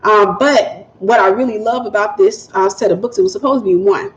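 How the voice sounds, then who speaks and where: A woman with a Southern accent hosting a casual home livestream, talking fast and greeting viewers by name before teaching. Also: mid-range voice. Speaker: ministry livestream host. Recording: roomy, muffled home livestream audio.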